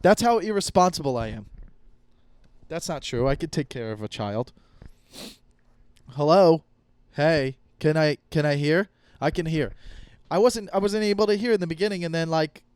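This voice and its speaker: A man's voice: on the high side, lively intonation, normal speed, a little mellow, clean tone, no room sound. A young man hosting a comedy podcast alone, ranting in a heated, profane, rambling way. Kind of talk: solo comedy podcast rant.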